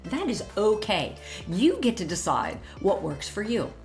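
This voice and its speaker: A woman's voice: medium pitch, sing-song, a little slow, a little mellow, soft background music. A woman vlogging about her wardrobe in a casual talk-through, chatty and correcting herself as she thinks aloud. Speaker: personal style vlogger.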